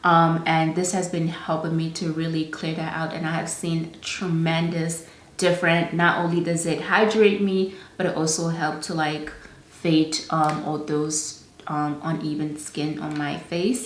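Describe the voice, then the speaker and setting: A young woman with an African accent talks through beauty products as a casual vlog, chatty and full of "like" fillers. Her voice sits a little low for a woman. The sound is echoey, as if recorded in a bare room. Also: level tone, slight background noise. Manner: chatty, lots of "like" fillers, slow in spots. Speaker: beauty vlogger.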